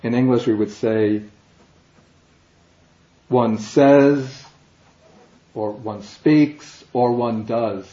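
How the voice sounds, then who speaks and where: Man, language lecture, patient, step-by-step, mellow tone, echoey lo-fi room. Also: mid-range voice, extremely slow, pauses often. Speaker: language teacher. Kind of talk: classroom lecture. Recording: dull, echoey classroom recording.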